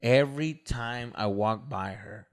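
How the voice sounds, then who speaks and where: A man, co-hosting a podcast and telling a story in casual, animated chat, swearing and mimicking others. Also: mid-range voice, unhurried. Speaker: podcast co-host.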